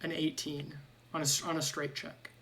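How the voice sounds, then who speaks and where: Woman dungeon master, halting talk. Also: low-pitched, little pitch movement, crowd noise. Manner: halting, restarts often with filler likes. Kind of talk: running a tabletop game.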